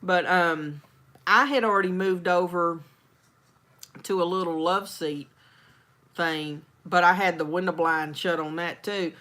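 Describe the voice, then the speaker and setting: Bright, animated Texan woman. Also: fairly low pitch, unhurried. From Texas. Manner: animated storyteller, acts out quotes. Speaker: host. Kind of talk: casual chat.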